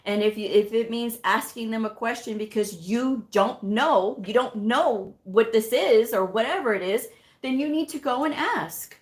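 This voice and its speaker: Middle-aged lady on a live stream, chatty and animated, slightly high voice, says "you know" a lot. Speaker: medical coding educator. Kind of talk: casual live-stream storytelling.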